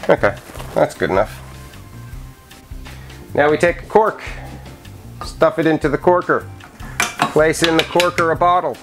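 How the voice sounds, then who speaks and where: A man giving a casual how-to demonstration of home winemaking at home, explaining each step in a relaxed, chatty way with occasional fillers. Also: fairly high pitch, measured pace, long pauses, faint music behind. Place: indoors at home.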